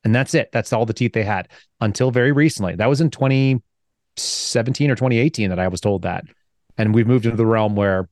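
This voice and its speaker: A man hosting an interview, telling anecdotes in a brisk, conversational way. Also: on the low side, darkish tone, no room sound. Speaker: podcast host. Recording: dry close mic.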